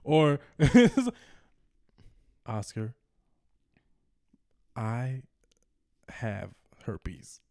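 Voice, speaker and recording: A podcast co-host chats casually with a dry, close studio sound. The voice sits mid-range but moves a lot in pitch. They keep laughing and slip into mock voices to quote scenes. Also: big pitch swings, extremely slow, pauses often, darkish tone, no room sound. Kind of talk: casual chat. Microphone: studio mic.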